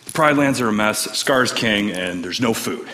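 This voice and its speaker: A man's voice: fairly low pitch, expressive, normal speed, pushed and bright. Man voicing an earnest young lioness. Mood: pleading. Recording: long hall reverb, faint noise.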